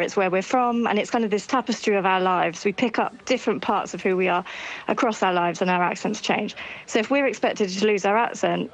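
A woman's voice: mid-range voice, poor audio. A woman with an Essex accent, a linguist guest in a radio discussion, stating her view confidently.

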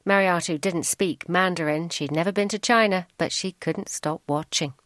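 A woman presenting a radio programme, introducing a story in a calm storytelling manner. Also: lowish voice, moderate pace, dry recording, studio quality. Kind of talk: scripted radio narration.

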